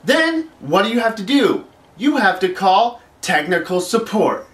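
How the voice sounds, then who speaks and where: A man's voice: high-pitched, big pitch swings, measured pace, a bit bright. A man hosting a comedic rant vlog, exasperated and swearing as he complains. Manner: exasperated, profane ranting. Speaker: vlog host. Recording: roomy echo.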